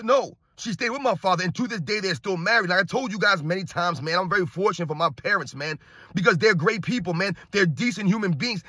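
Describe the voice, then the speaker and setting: A man's voice: high voice, sharp tone, breathy edge, dry recording, studio quality. A middle-aged man hosting a sports commentary channel, ranting heatedly and emphatically, often tagging his lines with "man".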